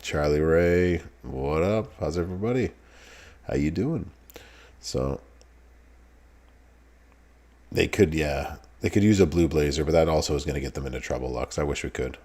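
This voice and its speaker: A man's voice: rumbling low, darkish tone. A man hosting a live game stream, greeting chat viewers by name in a laid-back, casual way and laughing often. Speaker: streamer host.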